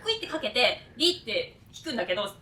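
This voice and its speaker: Chatty mother, very fast, bright, distant roomy mic. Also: on the high side, sing-song, a little hiss or hum. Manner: rapid chatty storytelling. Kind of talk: casual chat.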